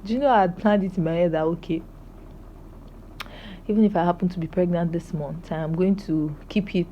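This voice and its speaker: A woman's voice: on the low side, steady tone, fairly quick, dull audio, slight background noise. A young woman speaking to camera in an emotional, joyful personal video diary, praising God. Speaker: vlogger.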